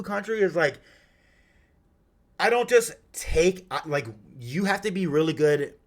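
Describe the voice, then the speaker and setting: A man's voice: fairly high pitch, fairly bright tone. A young man hosting a live stream, chatting casually and greeting viewers by name in slangy talk. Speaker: streamer and podcast host.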